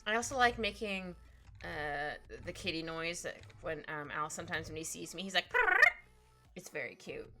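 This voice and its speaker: Drawing live on stream, a young woman banters playfully with her chat in a low-sitting voice at a moderate pace. She giggles a lot as she talks, and faint music plays behind her.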